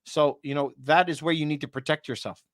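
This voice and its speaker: A little high and a bit bright, with fairly even intonation, this real estate broker's voice is starting to go after too much talking. He chats on a livestream, addressing viewers by name with quick asides, and the sound is studio quality with no echo.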